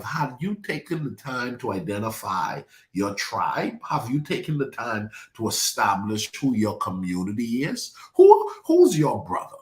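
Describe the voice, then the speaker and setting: Animated preacher in an echoey church. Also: male voice, mid-range voice. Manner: preachy call-and-response, addresses congregation by name. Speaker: pastor. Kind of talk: sermon. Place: church sanctuary.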